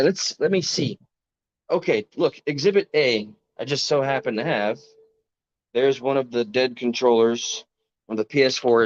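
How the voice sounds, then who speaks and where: A man's voice: mid-range voice, a bit bright, no room sound. Young male streamer, casual and profane, self-deprecating humor, dry muffled home-mic sound. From United States. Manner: loose, joking, self-mocking, swears freely. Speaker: live streamer. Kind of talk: rambling casual chat on a live stream.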